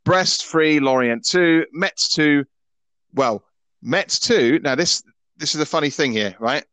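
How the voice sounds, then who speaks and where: A man's voice: fairly high pitch, slow, fairly bright tone, no echo. Chatty Scottish man in his thirties. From Scotland. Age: 30s. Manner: chatty, stammers and restarts often, opinionated. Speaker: football podcast host. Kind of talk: casual podcast chat.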